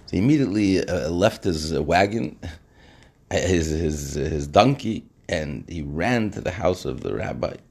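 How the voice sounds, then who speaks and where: A man narrating a folk tale with animated energy and frequent restarts. His voice sits deep and gravelly, with a husky edge. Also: measured pace. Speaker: storyteller. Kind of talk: oral storytelling.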